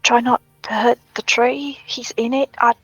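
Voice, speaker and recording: A woman's voice: a little high, fairly even intonation, normal speed, breathy edge, no room sound, muffled recording. A woman playing a tabletop game, chatting casually and thinking aloud as she asks questions. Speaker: player.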